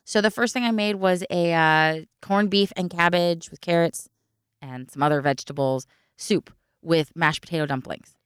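Middle-aged female podcast co-host, low smooth voice, dry close mic, chatty, laughs a lot. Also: normal speed, dry recording. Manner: chatty, laughs often, explains recipes step by step. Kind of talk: casual chat.

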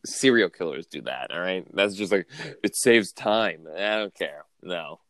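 A man with a low, deep voice co-hosts a casual podcast from home over a remote call. He talks in a dry, deadpan way, grumbling about small things. The sound is close and dry. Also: unhurried, dry recording. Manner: dry, deadpan complaining with playful put-on bits. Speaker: podcast co-host. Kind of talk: casual chat.

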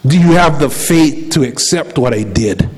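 A male preacher delivering a sermon, firing off rhetorical questions and slowing down to repeat key phrases. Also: medium pitch, expressive, husky, poor audio.

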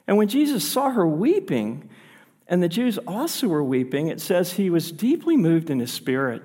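A man's voice: high-pitched, sing-song, normal speed, mellow, husky, big-room sound. A man pastor preaching a sermon in an earnest, conversational way, pushing his voice up for emphasis.

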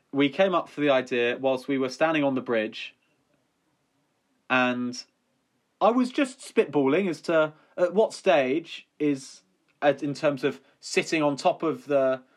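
A man's voice: medium pitch, expressive, measured pace, pauses often. A man co-hosting a comedy podcast, chatting casually and playfully spinning absurd hypotheticals. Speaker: podcast co-host.

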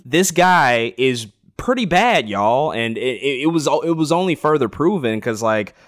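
A man's voice: medium pitch, very animated, moderate pace, no room sound, clean studio sound. A man co-hosting a podcast, talking casually about a TV episode with lots of fillers and restarts. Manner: enthusiastic, many fillers and restarts. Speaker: podcast co-host.

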